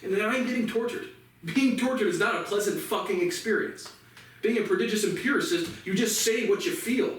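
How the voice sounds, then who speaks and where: A man's voice: high-pitched, brisk. A man in a rambling, profane solo monologue, ranting agitatedly on his outdoor porch. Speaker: vlogger. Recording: echoey and distant with faint noise.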